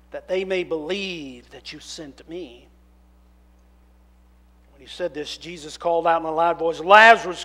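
A man preaches in a church, his voice sitting high for a man. He drops to near-whispers on scripture, then bursts into loud, animated storytelling. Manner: dramatic shifts between hushed scripture reading and loud animated storytelling. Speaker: minister. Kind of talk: sermon reading and preaching. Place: church sanctuary.

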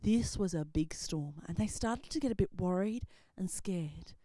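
A woman telling a Bible story to children, very expressive, dropping to whispers and rising to loud exclamations. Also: fairly low pitch, normal speed, dry recording. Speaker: children's ministry presenter. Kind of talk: animated Bible storytelling for kids.

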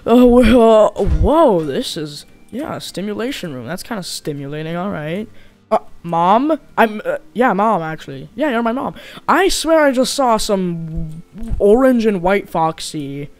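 Lively goofy performer voicing a whole cast. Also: medium pitch, takes it slowly. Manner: switches between many goofy character voices. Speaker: voice actor for all characters. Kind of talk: comedic machinima voice acting.

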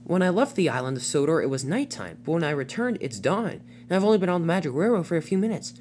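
Narrator doing a lively young train engine, jumpy voice, big swings in pitch. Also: quick pace, slight background noise, lightly acted. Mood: eager. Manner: excitable, exclaims often. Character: eager young male tank engine.

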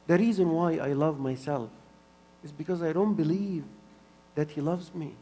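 High-pitched man giving an earnest church sermon with lots of repetition, in a hall with a long reverb. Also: normal speed, a little hiss or hum. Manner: earnest, repeats phrases for emphasis, swings between soft and loud. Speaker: pastor.

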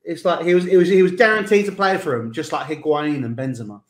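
Excitable male football talk host. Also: on the high side, quick pace. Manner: excited, stumbling restarts, swearing. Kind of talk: casual football talk show.

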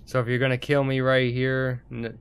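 A man reading the lines of a weary young female cat in a game, in a quiet, subdued voice. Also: medium pitch, completely flat delivery, moderate pace, clean tone, lightly acted. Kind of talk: reading game dialogue aloud.

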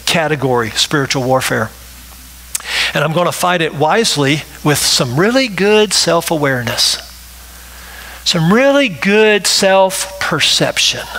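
Bright-voiced man preaching a sermon. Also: on the high side, vocal fry, poor audio. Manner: emphatic, repetitive preaching with rhetorical "right?". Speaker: pastor.

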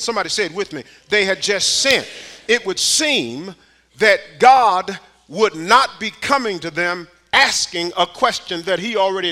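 A man preaching a sermon in church, dropping to a hush and climbing to shouted, repeated rhetorical questions with folksy street phrasing. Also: high voice. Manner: preaching with swings from hushed to shouted calls. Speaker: pastor. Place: church sanctuary.

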